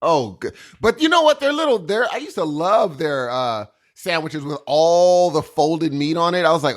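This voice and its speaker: A man's voice: on the high side, expressive, normal speed, few pauses. A young man co-hosting a podcast, rambling in casual chat and acting out little voices. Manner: rambling, jokey, acts out voices. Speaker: podcast co-host.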